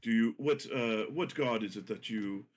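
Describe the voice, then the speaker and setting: Man doing old male wizard, courteous, formal speech, halting delivery, low-ish voice. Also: lightly acted. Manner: polite, formal phrasing with hesitations.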